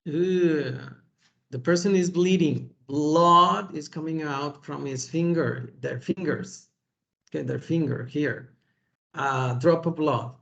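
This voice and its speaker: Slow, gravelly man teaching English. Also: on the high side, a bit bright, highs cut off. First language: Spanish. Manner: slow, patient, repeats words and adds "okay?". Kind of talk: kids' vocabulary lesson.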